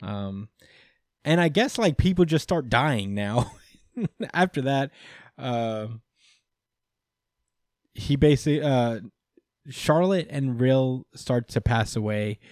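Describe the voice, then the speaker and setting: A man co-hosting a casual manga review podcast, relaxed and full of fillers, recapping with playful quoted voices. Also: mid-range voice, slow pace, pauses often, no room sound, clean studio sound. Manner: relaxed, many fillers, acts out characters in quotes. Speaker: podcast co-host.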